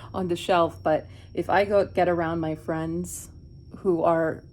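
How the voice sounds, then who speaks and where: A woman's voice: lowish voice, steady tone, measured pace, darkish tone, slight background noise. A middle-aged woman from Miami chatting while doing her makeup, reflective and rambling with many restarts. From Miami, USA. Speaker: beauty vlogger. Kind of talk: chatty get-ready-with-me vlog.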